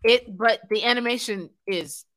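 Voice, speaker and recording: A woman co-hosting a casual chat, talking in an animated, emphatic way. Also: fairly high pitch, normal speed.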